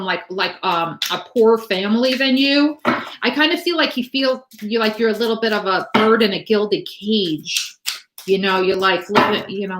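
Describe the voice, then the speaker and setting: A woman's voice: mid-range voice, background noise. Woman, tarot reader, live-stream chat, rambling, lots of fillers, echoey room. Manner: rambling, chatty, many fillers and restarts.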